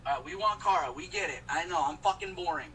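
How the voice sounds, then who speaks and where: A man's voice: fairly high pitch, fast, bright, forceful tone, distant mic, slight background noise, rough recording. A man chatting casually on a live stream while he drives, joking and rambling to his viewers. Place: in a car. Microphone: phone.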